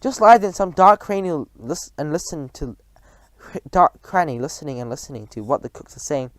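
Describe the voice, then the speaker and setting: Man doing a proper old grandma, firm and calm, storybook voice, close dry mic. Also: on the high side, a little fast, no room sound, natural voice. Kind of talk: reading a storybook aloud.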